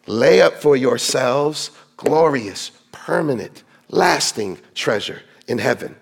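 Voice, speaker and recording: A man's voice: mid-range voice, expressive, takes it slowly, vocal fry, breathy edge. A man preaching a sermon to his congregation, emphatic and quoting scripture in dramatic voices. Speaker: pastor.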